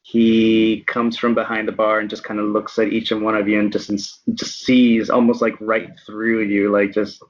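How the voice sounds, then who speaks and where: A man playing a tabletop game, narrating haltingly with many ums. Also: lowish voice, monotone, dull audio. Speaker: player.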